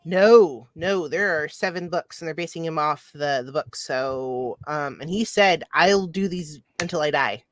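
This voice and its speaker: A woman from Ireland co-hosting a casual podcast, reading nerd news in an excitable way that trails off and restarts. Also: low voice, measured pace, hardly any pauses, dry recording. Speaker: podcast co-host.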